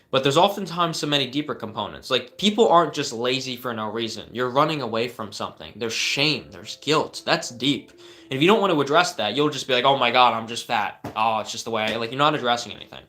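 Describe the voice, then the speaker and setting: A man's voice: mid-range voice, lively intonation, brisk, pushed and bright. A young man hosting a live stream, answering viewer questions with earnest coaching advice and frequent fillers and restarts.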